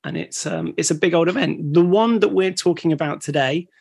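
A man's voice: a little high, fairly quick, gravelly, slightly rough. A man co-hosting a podcast in an upbeat, casual way, laughing often and agreeing readily. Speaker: podcast co-host. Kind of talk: casual chat.

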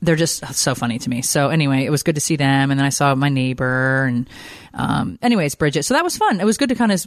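A woman's voice: a bass voice, fast talker, no room sound, studio quality. A middle-aged woman hosting a podcast, telling rambling stories in a chatty way with lots of fillers. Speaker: podcast host. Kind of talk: casual chat.

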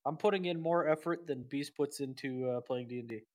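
A man's voice: medium pitch, fairly quick. A young man who runs the tabletop game, joking and swearing in casual chat with his players. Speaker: game master.

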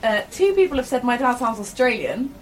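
A young woman co-hosting a casual radio chat, wry and quick. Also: fairly high pitch, very animated, a little hiss or hum. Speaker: radio show co-host.

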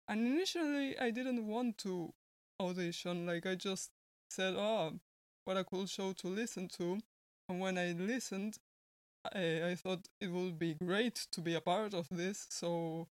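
A voice actor answering an interview question in an earnest, measured way. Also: medium pitch, clear, resonant tone, no echo. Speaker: audio drama voice actor.

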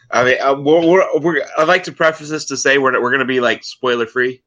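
A man's voice: mid-range voice, fairly bright tone. A man co-hosting a casual podcast, rambling on with lots of fillers. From Central Florida. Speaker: podcast co-host. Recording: slightly dull lo-fi mic.

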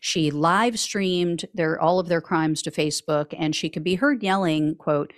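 A woman's voice: lowish voice, measured pace, hardly any pauses, no room sound. A woman hosting a news commentary podcast, recapping court cases with dry, sarcastic asides. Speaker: podcast host.

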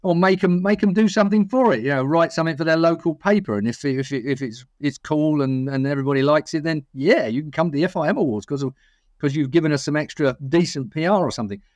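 A man's voice: a little high, quick pace, a little mellow, no room sound. A middle-aged British man co-hosting a podcast, telling rambling stories and giving strong opinions. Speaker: podcast co-host. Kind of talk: casual chat.

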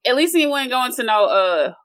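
A woman's voice: high voice, very animated, moderate pace, a bit bright. A woman chiming in on a casual sports podcast with short, playful teasing remarks.

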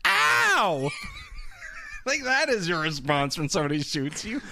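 A man's voice: fairly high pitch, sing-song, moderate pace, background noise. A man co-hosting a podcast, tossing in dry quips and jokey asides in casual chat. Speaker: podcast co-host.

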